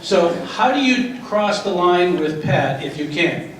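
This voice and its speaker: A man's voice: high-pitched, expressive, a little slow, fairly bright tone, a little hiss or hum. A middle-aged man leading a staff training workshop, lecturing in a lawyerly way and often tagging his points with "right?". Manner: lawyerly, asks rhetorical questions and tags them with "right?". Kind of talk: lecture with questions to the audience. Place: large echoey room. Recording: echoey room recorded from far off.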